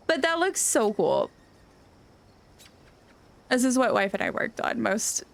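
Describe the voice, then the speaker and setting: A woman game streamer chatting casually on a live stream, gushing and excitable, rambling with lots of restarts. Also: a little high, slow pace, vocal fry.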